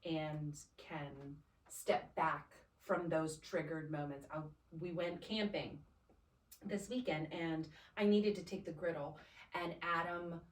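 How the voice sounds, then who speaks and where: A woman's voice: deep voice, steady tone, takes it slowly. A woman in casual chat, telling a story with energy, often acting out both sides of an exchange and ending her points with a questioning "right?". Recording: roomy sound from a distant mic.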